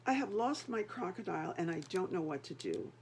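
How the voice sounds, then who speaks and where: A woman's voice: fairly low pitch, very animated, fairly quick, a little mellow, a little hiss or hum. A woman voicing a fussy, anxious lady who politely and frantically asks after her lost crocodile. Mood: frantic, polite.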